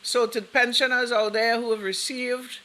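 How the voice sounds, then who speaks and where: A man hosting a radio show, chatting casually, giving shout-outs to listeners and offering folksy advice, laughing easily. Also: very high voice, little pitch movement, normal speed.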